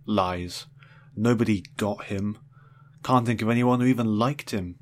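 A man's voice: on the low side, steady tone, normal speed. A man narrating a first-person story in a wry, dry, understated way.

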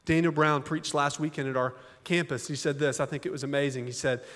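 A man's voice: fairly high pitch, fairly even intonation, fairly quick, a bit bright. A man preaching a sermon as a pastor, in a folksy, conversational way full of rhetorical questions. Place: church auditorium. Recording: long church hall reverb.

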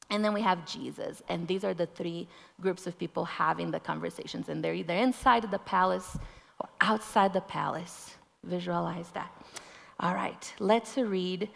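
A woman preaching a sermon in an unhurried, conversational way, bringing a scripture scene to life. Her voice has a gravelly fry. A long hall reverb surrounds her. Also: mid-range voice. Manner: conversational, vivid storytelling.

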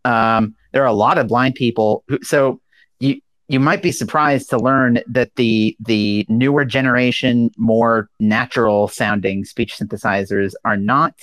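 A man explaining software and speech synthesis history in a casual technical chat, with many ums and uhs. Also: mid-range voice, a little slow, dry recording. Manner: hesitant, full of ums and uhs. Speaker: guest speaker.

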